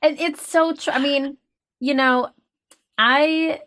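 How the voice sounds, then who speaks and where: A woman guest telling a personal story in casual chat, animated and full of restarts. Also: high-pitched, takes it slowly. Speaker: podcast guest.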